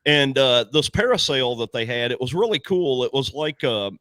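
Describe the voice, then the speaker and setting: Animated, swearing male storyteller. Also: mid-range voice, moderate pace, no room sound. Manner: animated, profane storyteller who acts out dialogue. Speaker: podcast panelist. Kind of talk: casual podcast chat.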